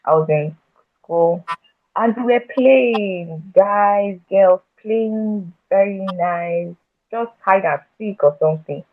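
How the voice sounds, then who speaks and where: Tinny-sounding woman, halting and earnest. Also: medium pitch. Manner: halting, with frequent restarts and repeated words; earnest and emotional when recounting her past. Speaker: guest. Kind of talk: personal storytelling in a conversation. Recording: tinny phone-like audio.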